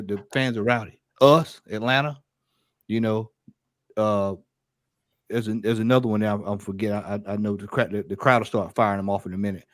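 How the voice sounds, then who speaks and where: A man's voice: on the low side, dry recording. A man chatting casually about football, rambling and easygoing. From United States. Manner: relaxed, rambling, loose with words. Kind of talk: casual chat.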